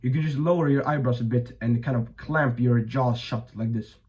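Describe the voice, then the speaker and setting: A man's voice: mid-range voice, normal speed, darkish tone, highs cut off. A young man giving blunt, profane advice in a casual monologue, full of fillers and restarts, his voice a bit strained. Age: young adult. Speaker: vlogger.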